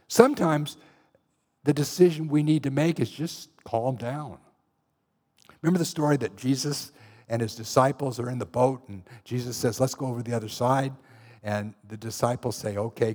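A man's voice: a little high, darkish tone, in a large hall. A man preaching a sermon, retelling Bible stories and acting out the voices of the people in them. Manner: storytelling, acts out Bible scenes with shifting voices.

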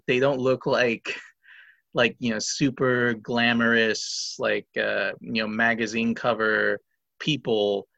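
A man with a gravelly, bright voice who rambles and hedges as he weighs up a film's performances. The sound is dry, dull and lo-fi. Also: medium pitch, dry recording. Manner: rambling, hedging with fillers. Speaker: podcast co-host. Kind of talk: casual film discussion.

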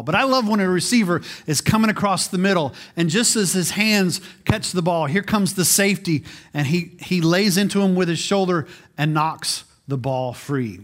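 Guy in his 40s preaching a sermon, kinda high voice, chatty, repeats words a lot. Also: a bit bright. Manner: conversational preaching, repeats words when restarting. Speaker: pastor.

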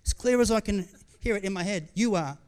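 High-voiced, candid pastor. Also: male voice, quick pace, darkish tone, clear, resonant tone. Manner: candid, conversational, with frequent restarts and asides. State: tearful at times. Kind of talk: sermon.

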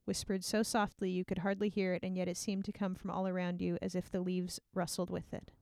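A woman's voice: lowish voice, little pitch movement, a little fast, vocal fry, a little mellow, clear, resonant tone, no echo, clean studio sound. A woman chatting casually about a book with a friend, laughing often and reading passages aloud.

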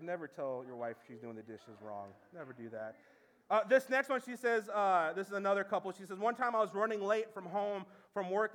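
A man in his thirties preaching as pastor, telling stories with animation and dropping low and soft for serious points. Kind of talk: sermon.

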